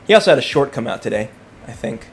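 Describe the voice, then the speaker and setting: A man's voice: medium pitch, big pitch swings, fast, vocal fry. Joking man chatting while painting. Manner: joking, rambling, thinking aloud as he works. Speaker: miniature painting streamer. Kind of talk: casual live-stream chat while painting.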